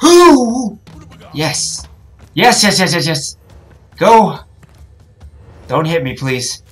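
Gal yelling at a video game, slow drawn-out talk, cusses constantly, some game music under it. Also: female voice, low voice, lively intonation. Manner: frustrated, swears a lot, yells at the game. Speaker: gaming channel host. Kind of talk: let's play commentary.

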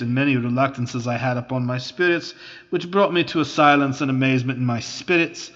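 A man's voice: medium pitch, a bit bright. Man reading an old account, reverberant. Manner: measured, formal old-fashioned reading. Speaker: reader. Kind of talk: reading aloud a historical account. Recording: dull lo-fi audio with long reverb.

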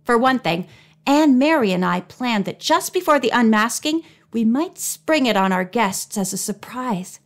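A woman with a fairly high voice reads a children's mystery novel aloud. Her storytelling is clear and even, and she gives the characters light touches of their own voices. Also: a little slow. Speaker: audiobook reader.

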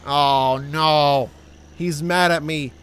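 A young man hosting a let's play, talking through his game, excitable and quick to swear and yell at the characters. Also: on the high side, clean tone. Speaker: gaming channel host.

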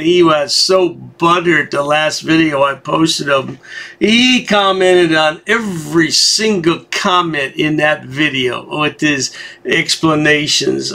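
A man's voice: on the high side, bright, forceful tone. A man hosting a commentary channel, giving a sarcastic, taunting voice-over.

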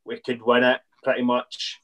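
A Scottish man chats as a guest about his football days, recounting them in a laid-back way. He keeps saying "aye", and his voice sits at an ordinary middle pitch. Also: completely flat delivery, moderate pace, fairly bright tone. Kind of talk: casual chat.

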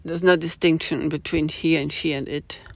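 A woman's voice: low-pitched, fairly even intonation, moderate pace, vocal fry, slight background noise. A woman talking casually to her phone camera in a rambling, opinionated monologue full of asides. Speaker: vlogger. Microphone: small phone camera.

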